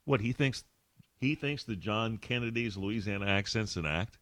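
A man's voice: fairly low pitch, moderate pace, a bit bright. A man hosting a talk radio show, sarcastic and full of rhetorical questions.

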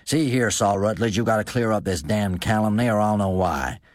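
A man voicing a gruff, hot-tempered grieving farmer who speaks forcefully, read as an audiobook character. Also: lowish voice, normal speed, dry recording, clean studio sound, lightly acted.

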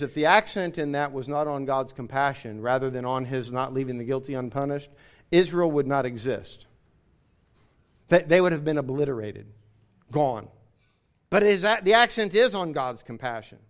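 A man preaching a sermon, explaining scripture and reading passages aloud with emphasis. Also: fairly high pitch. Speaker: pastor.

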